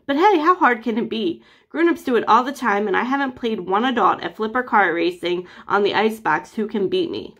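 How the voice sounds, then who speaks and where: A woman voicing a plucky young boy penguin spy in a storybook read-aloud, urgent and excited. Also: a little high, moderate pace, few pauses.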